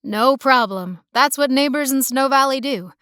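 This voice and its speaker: A woman's voice: sits high, normal speed, a bit bright, smooth, no room sound, studio quality. A woman voicing a friendly young small-town male mechanic with a slight country drawl, easygoing and folksy.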